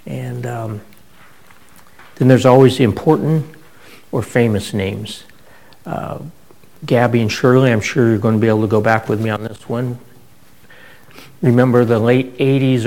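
A man's voice: mid-range voice, gravelly, darkish tone, low-quality recording. A middle-aged man preaching a sermon, telling stories in a conversational way with frequent restarts. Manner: conversational storytelling with many restarts.

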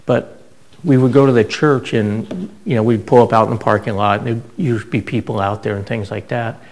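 A man's voice: on the low side, fairly even intonation, brisk, a little mellow, low-quality recording. A middle-aged man preaching a sermon, telling stories in a conversational way with frequent restarts. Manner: conversational storytelling with many restarts.

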